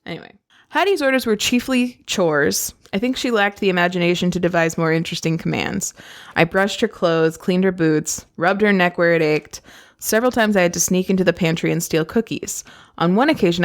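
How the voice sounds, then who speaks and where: A woman podcast host reading a novel aloud and breaking off with gushing, excitable asides. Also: lowish voice, fairly quick.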